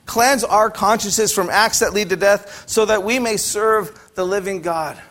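A man's voice: high voice, measured pace, a bit bright. Emphatic male pastor preaching. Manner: emphatic, rhetorical questions, repetition. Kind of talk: sermon.

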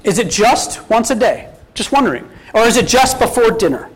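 A male pastor with a notably high-pitched voice delivers a sermon in a relaxed, conversational way. He keeps turning to the congregation with questions and weaves in spoken scripture quotes. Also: normal speed, husky, rough recording. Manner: quotes scripture at an easy speaking pace.

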